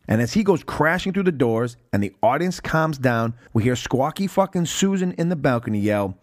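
A man's voice: mid-range voice, normal speed, few pauses, dry recording. A man telling a profane, sarcastic story as a podcast host, recorded close on a mic. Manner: animated, heavy cursing, sarcastic.

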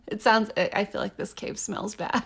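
A woman's voice: mid-range voice, steady tone, moderate pace, a little hiss or hum. A woman co-hosting a podcast in casual chat, joking playfully and stumbling when she reads quotes aloud. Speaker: podcast co-host.

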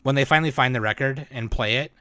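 Male podcast host, bright tone, casual rambling delivery, dry recording. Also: mid-range voice, dry recording. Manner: relaxed, rambling with fillers and quick laughs.

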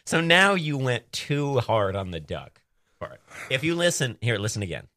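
A man's voice: mid-range voice, big pitch swings, moderate pace, sharp tone, no echo. A man co-hosting a casual comedic podcast, playfully coaching with mock-serious critique. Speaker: podcast co-host.

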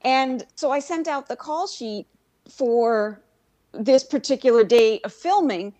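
A woman's voice: on the high side, animated, a little slow, dark tone. A woman chatting as a podcast guest, telling a self-deprecating story and laughing often. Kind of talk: casual chat.

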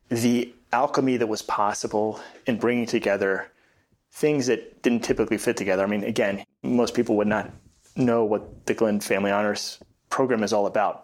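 Lowish-voiced male host, musing questions. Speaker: interviewer, host. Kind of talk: conversational interview questions.

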